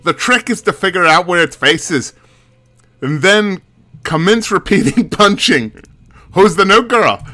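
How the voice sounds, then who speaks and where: A man voicing a brawny, boisterous male monster hunter in a put-on Scottish accent with a gruff, loud brogue. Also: sits high, lively intonation, a little slow, faint music behind, voice pushed up, heavily acted.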